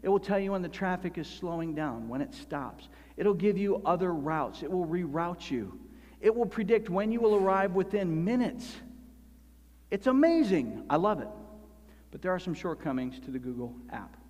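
A man preaching a sermon as pastor, animated and emphatic, slowing down to stress key phrases. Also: high voice. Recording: long hall reverb.

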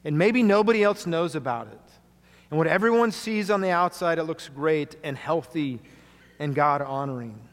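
A male pastor preaching a sermon to a congregation, earnest, often dropping quietly for emphasis. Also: a little high, expressive, moderate pace. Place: church sanctuary. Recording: long hall reverb.

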